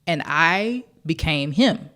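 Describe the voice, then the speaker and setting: A woman's voice: low-pitched, expressive, slow pace. A woman from Georgia, a podcast guest, telling an emotional personal story with heartfelt intensity. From Georgia, USA. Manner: heartfelt, quotes others in a softer voice.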